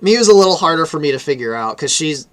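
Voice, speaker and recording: A man's voice: fairly high pitch, animated, fast. An American man hosting a live stream, chatting casually about his fan game and laughing often. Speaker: stream host and game developer.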